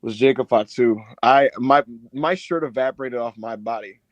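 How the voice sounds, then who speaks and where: A man co-hosting a podcast, recapping and joking in profane, animated chat. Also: medium pitch, normal speed, no echo, lo-fi sound. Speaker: podcast co-host. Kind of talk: casual chat.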